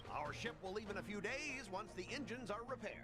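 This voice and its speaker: A man's voice: high-pitched, expressive, a little fast, sharp tone, soft background music, heavily acted. An actor voicing a smug, sarcastic male merchant in a game, drawling and self-satisfied. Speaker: game character. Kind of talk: game voice acting.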